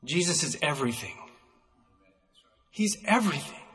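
A man preaching a sermon, emphatic and slowing down to stress single words, recorded in a church hall. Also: fairly high pitch, expressive, a bit bright, faint music behind.

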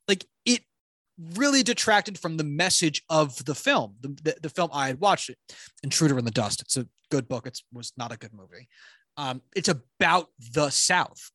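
Man, casual podcast film chat, rambling and animated, slightly high voice, dry close mic. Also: normal speed, no echo. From New Jersey.

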